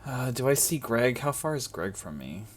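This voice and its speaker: A man playing a tabletop game with friends, speaking haltingly as he describes his character's actions. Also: mid-range voice, very animated. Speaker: player. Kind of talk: casual play over voice chat.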